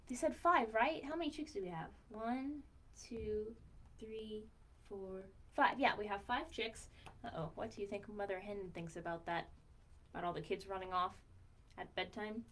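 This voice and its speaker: A woman librarian reading a picture book aloud to young children in a sing-song way, pausing to ask questions and count slowly. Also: mid-range voice, fairly bright tone.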